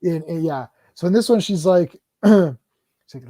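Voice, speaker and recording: Rambling, animated man on a dry mic. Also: a little high, moderate pace, no room sound. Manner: rambling, animated, acts out movie lines in a raised voice. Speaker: stream host. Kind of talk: casual movie chat on a livestream.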